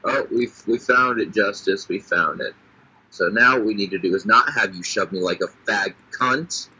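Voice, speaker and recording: A low-voiced man with a husky, tense edge, trading crude, sarcastic jabs during casual game chat. He swears freely and teases his partner. The sound is a dull, lo-fi mic recording. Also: moderate pace, bright, forceful tone. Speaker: guest player.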